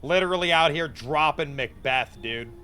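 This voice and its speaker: Bright-voiced male game streamer. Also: on the high side, moderate pace. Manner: chatty, reacts and thinks aloud. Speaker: VTuber streamer. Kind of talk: casual gameplay commentary.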